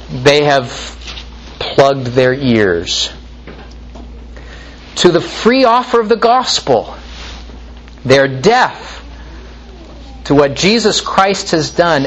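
Slow, earnest male preacher. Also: a little high, lively intonation, a little hiss or hum, low-quality recording. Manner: earnest, exhorting, with small restarts. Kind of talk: sermon.

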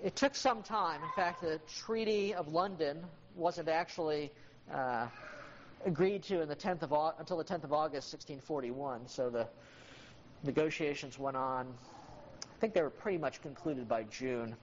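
A teacher lecturing on history in a classroom, loose and conversational, full of ums and uhs, now and then speaking to a student by name. The voice sits at a middling pitch. The recording is dull and lo-fi, with a faint hiss behind it. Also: normal speed.

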